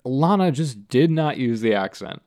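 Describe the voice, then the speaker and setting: A man's voice: medium pitch, expressive, unhurried, a little mellow. A man co-hosting a casual chat, making blunt, dry remarks. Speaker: podcast co-host.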